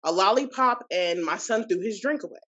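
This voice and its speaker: A woman in her thirties, a podcast guest, recounting a personal experience in an animated, indignant way with many asides. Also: medium pitch, a little fast, lo-fi sound. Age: 30s. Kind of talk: personal storytelling.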